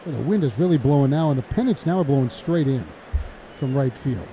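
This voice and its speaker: A man calling a baseball game play-by-play, chatty and laughing between pitches. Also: a little fast, a little hiss or hum. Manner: chatty, laughs between calls, gets loud and excited on big plays. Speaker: play-by-play announcer.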